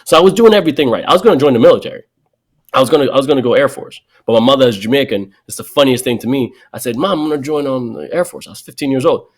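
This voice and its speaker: A New York comedian, guesting on a podcast, tells lively stories and acts out the people he quotes. His voice is mid-range and he talks very fast.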